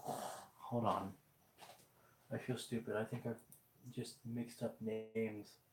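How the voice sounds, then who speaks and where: A man's voice: lowish voice, level tone, slow pace. A man giving casual, rambling gameplay commentary on stream, joking and swearing as he goes. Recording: echoey room, faint noise.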